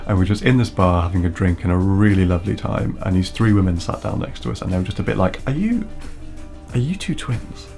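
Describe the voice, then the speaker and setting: A man's voice: low voice, steady tone, fast, gravelly, hardly any pauses, a little mellow, soft background music. A man telling a dating anecdote with dry, wry wit. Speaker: storyteller. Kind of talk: personal anecdote.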